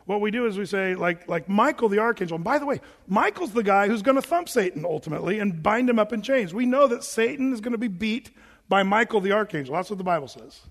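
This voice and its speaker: A pastor preaching a sermon in a joking, animated way, acting out quoted voices as he goes. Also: high-pitched, fast talker. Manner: jokey, acts out quoted voices; self-described big guy. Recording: long reverb of a large hall.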